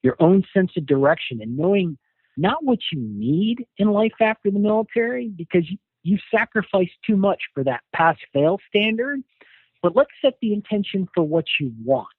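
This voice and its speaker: A man's voice: sits high, very animated, moderate pace, no room sound. A man speaking as a guest coach in an interview, explaining with earnest, thoughtful care. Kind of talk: casual interview. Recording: dry tinny phone line.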